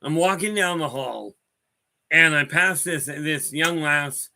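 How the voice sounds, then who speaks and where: A man's voice: a little high, slow pace, creaky, bright, forceful tone. A man hosting a spiritual talk stream, rambling through stories and calling out viewers by name. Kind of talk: casual talk answering viewer chat.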